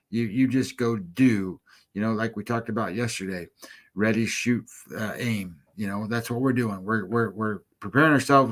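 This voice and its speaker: A man's voice: medium pitch, fairly bright tone. A man co-hosting a sports betting show, giving an earnest motivational segment in a coaching tone, with frequent fillers and repeated phrases.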